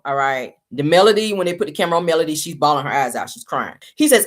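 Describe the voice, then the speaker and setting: A woman's voice: low voice, lively intonation, quick pace, hardly any pauses. A woman hosting a casual reality-show recap, talking to viewers as y'all and retelling what was said. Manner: chatty, addresses viewers as y'all, retells quotes.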